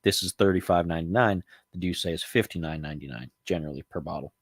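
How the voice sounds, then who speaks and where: A man's voice: low voice, quick pace, dry recording. A man hosting a casual home review vlog about spirits, talking loosely with many ums and restarts. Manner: rambling, frequent ums and self-corrections. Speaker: channel host reviewing cognac.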